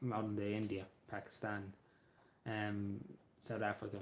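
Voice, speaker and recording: A young Irish man talking casually as he answers viewer questions, halting often with ums and repeating his phrases. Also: lowish voice, monotone. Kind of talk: casual Q&A monologue.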